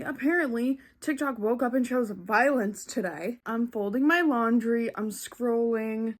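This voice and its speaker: A young woman chatting casually in a reading vlog, gushing and dramatic, full of "like" fillers. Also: fairly high pitch. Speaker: book vlogger.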